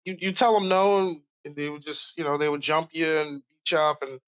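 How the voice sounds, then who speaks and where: A man from Brooklyn, a podcast guest telling animated stories from his youth. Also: fairly high pitch, a little fast, dull audio. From Brooklyn, New York. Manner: animated, acts out voices in stories. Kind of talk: casual storytelling.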